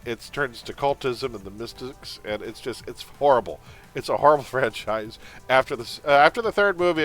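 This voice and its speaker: A man's voice: medium pitch, fairly bright tone. A man chatting casually on a live game stream, rambling and opinionated, often calling his viewers folks. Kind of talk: casual gaming stream chat.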